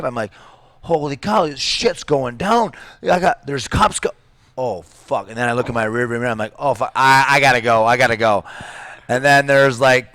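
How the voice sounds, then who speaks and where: A middle-aged man from Minnesota, a jiu-jitsu coach, telling a story in casual talk, animated and swearing freely. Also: medium pitch, no echo.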